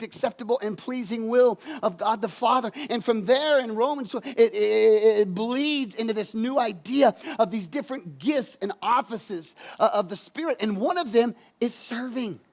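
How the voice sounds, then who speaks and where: High-voiced preaching man. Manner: lively, folksy preaching with swings from loud to quiet. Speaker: pastor. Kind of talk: sermon.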